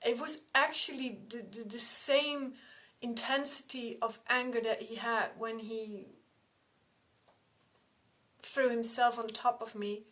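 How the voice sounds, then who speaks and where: Slow-talking woman medium. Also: on the high side, fairly even intonation, a bit bright. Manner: unhurried, repetitive, restarting phrases. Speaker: spiritual medium. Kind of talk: personal storytelling to camera.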